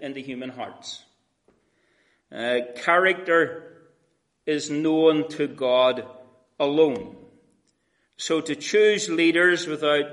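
A man preaching an expository sermon, addressing his listeners as friends, with frequent pauses and fillers. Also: medium pitch, a bit bright.

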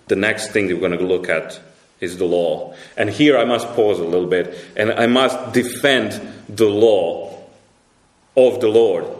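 A low-voiced male pastor delivering a sermon, emphatic and full of repeated restarts. His voice climbs when he drives a point home and sinks low for solemn moments, all carried in the roomy echo of a church.

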